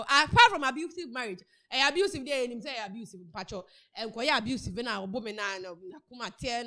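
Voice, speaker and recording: A woman with a Ghanaian accent giving casual, chatty celebrity news commentary, retelling a story with lots of repetition. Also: high voice. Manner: chatty, animated storytelling with repeated words. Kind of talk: casual news commentary mixing Twi and English.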